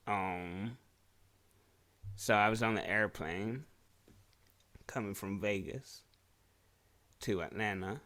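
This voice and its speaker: A man's voice: on the low side, sharp tone. A man co-hosting a podcast, telling a crude story in casual chat and laughing often as he goes. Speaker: podcast co-host.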